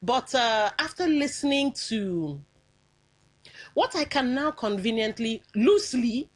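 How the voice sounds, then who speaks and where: A woman's voice: a little high, expressive, unhurried. A Nigerian woman hosting a radio talk show, giving a rambling, reflective commentary full of fillers and restarts. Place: radio studio.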